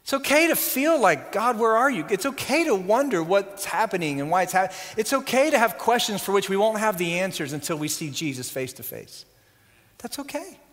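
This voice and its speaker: A man preaching a sermon, impassioned, building to loud emphatic peaks and then dropping quiet. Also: high-pitched, big pitch swings, a little fast, hardly any pauses. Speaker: pastor. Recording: long hall reverb.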